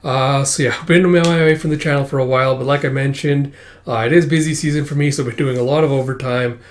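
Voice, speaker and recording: A man's voice: medium pitch, fairly even intonation, quick pace, slight background noise. A young man hosting a casual manga read-through, chatty and full of fillers, raising his voice when he reads the characters' lines. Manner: chatty, many fillers, laughs while reading, raises voice for quoted lines. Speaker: manga reaction host.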